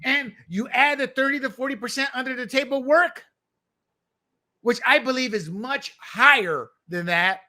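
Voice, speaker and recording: A man hosting an opinionated political commentary show, talking in an emphatic, combative way. His voice sits high for a man and has a bright, forceful edge. He sounds scornful as he argues his points. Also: normal speed.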